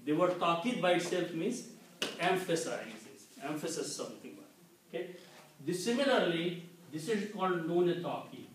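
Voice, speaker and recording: A man teaching a classroom Quran lesson, explaining slowly and checking in with "okay" as he repeats each point. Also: on the high side, animated. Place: community center classroom. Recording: very echoey room, distant mic, faint noise.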